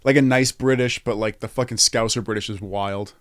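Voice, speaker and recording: Rambling, swearing young podcast host. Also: male voice, on the low side, fairly even intonation, a bit bright, dry recording, studio quality. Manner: rambling, swears a lot, quick restarts. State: tipsy. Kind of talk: casual chat.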